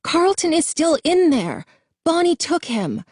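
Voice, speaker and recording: A frightened young boy cries out in a high, strained voice that shakes as he insists and pleads, as a woman reads him aloud. His tone is mellow and soft-edged, and the sound is close and dry. This is an audiobook voice. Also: sing-song, unhurried, husky, dry recording, exaggerated voice. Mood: frantic. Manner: yelling, shaky and pleading.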